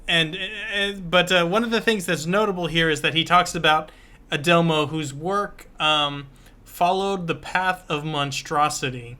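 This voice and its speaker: A man co-hosting a casual book podcast, explaining plot points in a halting way, full of restarts. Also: a little high, bright, forceful tone. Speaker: podcast co-host.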